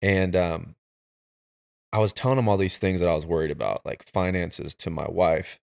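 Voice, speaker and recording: A man hosting a podcast, telling a candid personal story in relaxed conversation. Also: sits low, moderate pace, creaky. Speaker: podcast host. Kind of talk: casual conversation.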